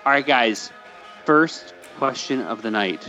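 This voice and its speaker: A man's voice: medium pitch, animated, measured pace, pushed and bright, muffled recording. Man hosting a casual podcast, faint music. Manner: upbeat, steers segments. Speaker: host.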